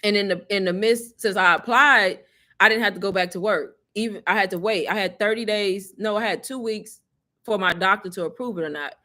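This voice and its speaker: A woman, casually telling her viewers a story, chatty and animated, often laughing. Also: medium pitch, fairly quick. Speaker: online business creator.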